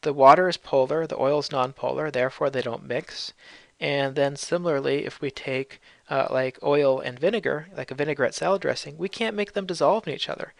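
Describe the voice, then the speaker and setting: A man's voice: on the high side, brisk, vocal fry, fairly bright tone, dry recording. A man teaching chemistry in a casual recorded lecture, explaining with fillers and light jokes.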